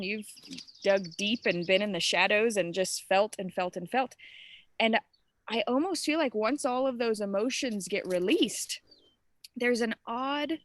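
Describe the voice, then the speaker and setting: A woman's voice: mid-range voice, a bit bright. Woman coach, mid-range voice, informal and sincere with a live group; faint outdoor noise behind. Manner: casual, earnest, talks directly to participants with many fillers. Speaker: spiritual transformation coach.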